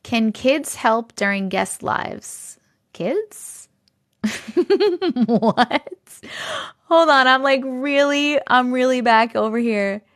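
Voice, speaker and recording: Unhurried, with few pauses, a high-pitched and slightly bright female voice hosts a livestream from a home basement using a regular mic. She chats casually, laughs frequently, and reads viewers' comments aloud, thanking them as she goes.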